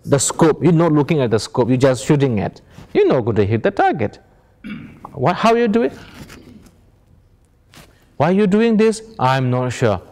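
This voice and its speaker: In an informal spiritual talk to an audience, a man teaches meditation in plain non-native English, chuckling through stories and asking rhetorical questions. His mid-range voice is very animated and a little mellow, at normal speed with long pauses.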